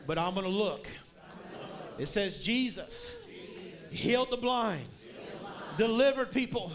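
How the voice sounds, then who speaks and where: High-voiced preacher telling a story. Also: male voice, expressive, slow, pauses often, crowd noise. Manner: storytelling, building to shouted emphasis. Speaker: guest preacher. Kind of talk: sermon.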